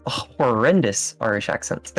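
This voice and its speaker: A man as an interview guest, telling stories in a relaxed, rambling way with fillers and small laughs. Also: mid-range voice, unhurried, soft background music. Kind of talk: casual interview chat.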